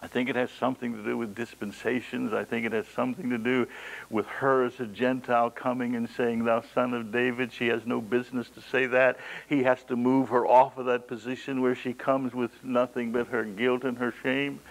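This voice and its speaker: A man's voice: medium pitch, level tone, normal speed, creaky, low-quality recording. A man preaching a sermon, with dramatic swings in his delivery, folksy storytelling asides and occasional chuckles.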